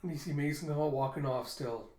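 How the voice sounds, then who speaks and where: A man's voice: a little high, fast talker, a little mellow. A man who hosts a comic readthrough, casually describing the panels with fillers along the way. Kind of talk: casual comic read-aloud narration. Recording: roomy echo.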